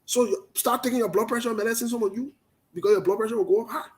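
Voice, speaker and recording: A man with a Liberian accent giving emphatic political commentary, talking loudly and repeating his points. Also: sits high, fast talker. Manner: forceful, emphatic, repetitive, passionate.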